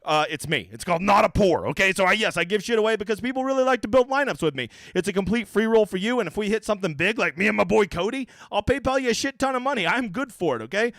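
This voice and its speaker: A man talks quickly and brashly, cursing and joking through a casual livestream. His voice sits high for a man. The sound is dry and close, with no room echo. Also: animated, fairly bright tone. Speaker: fantasy golf streamer.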